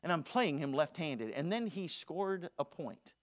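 A man preaching to his congregation in a slightly higher voice. He moves from booming declarations to quiet asides as he reads and comments. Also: a little slow. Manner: animated, swings from loud declaration to hushed asides. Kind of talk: sermon. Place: church auditorium.

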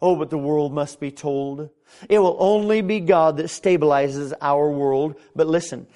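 A middle-aged man preaches in a church sanctuary, in a voice pitched a little above the usual for a man. He talks with fervor, stumbling over quick restarts, and his pitch climbs as he builds to a point. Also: dark tone. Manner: impassioned preaching with frequent stammered restarts, pitch climbing when stirred. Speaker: pastor. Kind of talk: sermon.

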